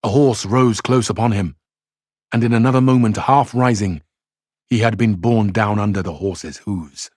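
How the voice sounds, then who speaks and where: Scottish male teacher, mellow and dry. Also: fairly low pitch, normal speed, dry recording. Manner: conversational, with frequent restarts. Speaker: English literature teacher. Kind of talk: reading a novel aloud and explaining it for exam study.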